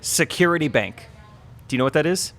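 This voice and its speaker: A man's voice: on the high side, expressive, brisk, a bit bright. A young man co-hosting a podcast in casual chat, joking and spinning wry theories. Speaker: podcast co-host.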